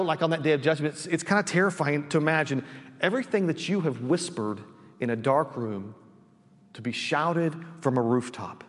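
High-voiced pastor preaching in a reverberant church. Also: male voice. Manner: conversational, frequent restarts and tag questions. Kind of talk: sermon. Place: church sanctuary.

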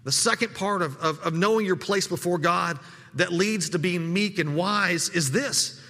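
A man's voice: high-pitched, normal speed, pushed and bright, long reverb tail. A man preaching a sermon in a conversational way, often repeating words as he restarts his sentences. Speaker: pastor.

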